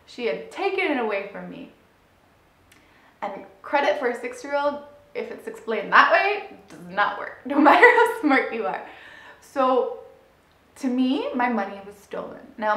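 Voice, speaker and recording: Unhurried yet animated, a thirtysomething money mindset coach recounts something from her own life, laughing along the way. Her voice shoots up in pitch and volume at the thrilling moments, with a roomy echo in the background.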